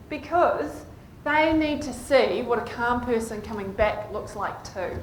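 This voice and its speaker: Woman clinician giving a conference talk, kinda high voice, keeps asking the crowd "yes?", echoey hall. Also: measured pace, a bit bright, slight background noise. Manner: keeps checking in with the audience. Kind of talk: conference presentation.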